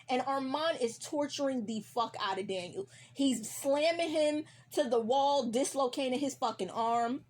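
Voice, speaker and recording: A woman's voice: high voice, normal speed. A woman recapping a TV episode in casual, profane chat, acting out the characters' lines as she goes. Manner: animated, acts out characters' lines mid-story.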